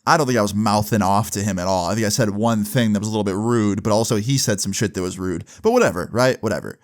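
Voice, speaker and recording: Speaking quickly with a voice on the low side, a young man recounts a story to camera. The vlogger's casual retelling is exasperated and full of swearing.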